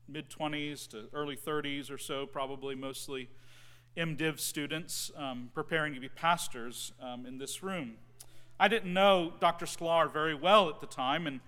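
A man in his forties preaching a conversational sermon, with frequent ums and phrase ends that trail off softly. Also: a little high. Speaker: pastor. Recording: long hall reverb.

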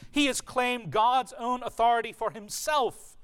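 A man's voice: very high-pitched, a little slow, a bit bright, smooth. A man preaching a sermon to his congregation, earnest and emphatic, with rhetorical questions. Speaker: pastor.

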